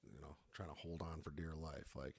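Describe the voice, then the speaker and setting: A man's voice: rumbling low, steady tone, brisk, breathy edge. A man hosting a podcast as a fitness coach, chatting loosely with laughter and swearing. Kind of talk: casual chat.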